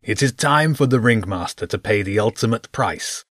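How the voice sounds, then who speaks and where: A man voicing a snarling great male wolf in a storybook, speaking in slow, low, growling threats. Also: animated, a bit bright, no room sound, studio quality. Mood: grim.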